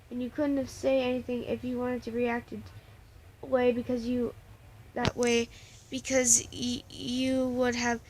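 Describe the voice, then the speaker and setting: A woman's voice: a little high, a little hiss or hum, poor audio. A woman voicing a blunt, exasperated young man. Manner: exasperated, lecturing. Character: blunt pushy young male friend.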